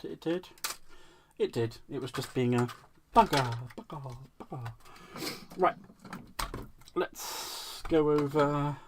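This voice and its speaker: A man's voice: fairly high pitch, slow pace, pauses often, background noise. Chatty man crafting live. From United Kingdom. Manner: chatty and playful, talks to himself and viewers with giggles and silly repeated words. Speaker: craft channel host. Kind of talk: casual live crafting chat.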